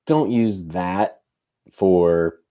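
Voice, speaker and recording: A man's voice: deep voice, extremely slow, dark tone. A man co-hosting a podcast, thinking aloud in loose, casual conversation. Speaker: podcast co-host.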